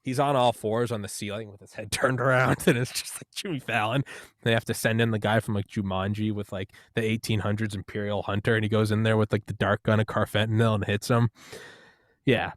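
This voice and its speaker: Young guy, low dry voice, loose rambling comic riffer. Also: level tone, brisk, dry recording. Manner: riffing, rambling, bursts into loud shouted impressions. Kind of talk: casual comedic chat.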